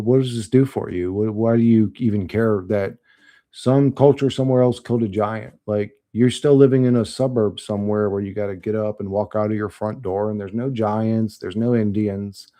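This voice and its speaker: A man's voice: fairly low pitch, mellow. A man on a livestream, reading chat comments and answering them in blunt, profane, rambling talk.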